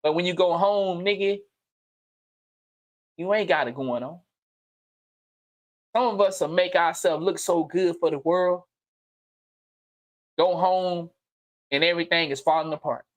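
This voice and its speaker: A man hosting a livestream and giving an unscripted motivational monologue, blunt and profane, repeating phrases and swinging from low murmurs to loud outbursts. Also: measured pace, pauses often. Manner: blunt, preachy, profane street slang. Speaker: livestream host. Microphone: streaming mic.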